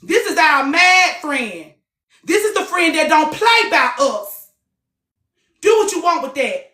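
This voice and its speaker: A woman with a high, bright, pushed voice speaks slowly, her pitch swinging widely. She's hosting a live group talk, blunt and profane, hurling rhetorical questions at her listeners in a casual, heated way. The room sounds echoey.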